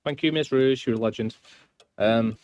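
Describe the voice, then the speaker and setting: A man's voice: mid-range voice, normal speed, a little mellow, no echo, highs cut off. A man doing casual gameplay commentary on a live stream, rambling and self-deprecating as he chats.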